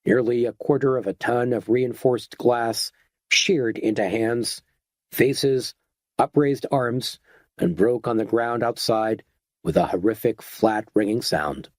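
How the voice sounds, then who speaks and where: A man reads a horror novel aloud in a steady, dramatic manner, in a mid-range voice. The recording is close and completely dry, with no room sound. It is scripted audiobook narration. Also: medium pitch, slow, no echo.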